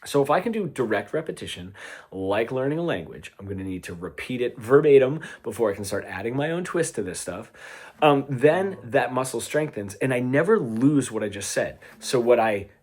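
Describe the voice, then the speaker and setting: A man's voice: mid-range voice, animated, normal speed, a little mellow. A man teaching guitar in a casual lesson, talking in a chatty way and checking in with frequent "right?" asks between his playing examples. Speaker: guitar coach. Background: guitar playing between phrases.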